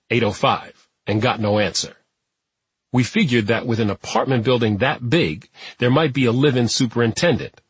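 Husky male audiobook narrator. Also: mid-range voice, no room sound. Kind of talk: scripted narration.

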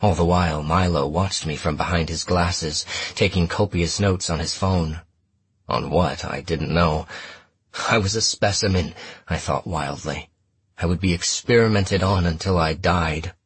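A man narrating a first-person story in a measured, steady audiobook reading. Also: sits low, husky, no echo.

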